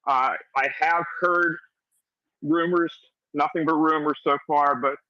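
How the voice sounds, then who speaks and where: A man's voice: on the high side, steady tone, a little slow, bright, forceful tone, no room sound. An American man joining a live audio chat as a regular listener, upbeat and earnest. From United States. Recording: dull lo-fi audio.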